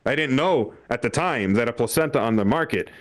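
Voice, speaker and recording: A man's voice: medium pitch, animated, brisk. A young man doing a stand-up comedy set on a club stage, telling family stories with acted-out quotes and frequent laughter.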